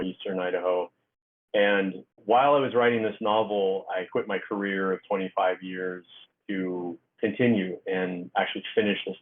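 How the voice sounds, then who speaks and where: A middle-aged man with a rather low voice tells a story in a halting way, full of "um" and "like" and restarts. His voice comes through a thin, tinny, phone-like line, as if over a video call. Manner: halting, filler-heavy storytelling. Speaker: guest author. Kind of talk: casual storytelling interview.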